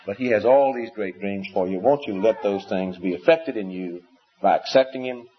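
Impassioned male preacher, dull recording. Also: moderate pace. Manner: impassioned, questioning, sweeping pitch. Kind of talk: sermon.

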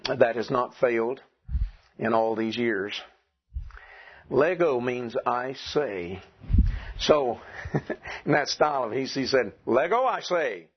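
A man teaching a classroom lesson, asking his students questions and clearing his throat now and then. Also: mid-range voice, slow pace, pauses often. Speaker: Greek teacher. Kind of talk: classroom lecture. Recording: dull lo-fi classroom recording.

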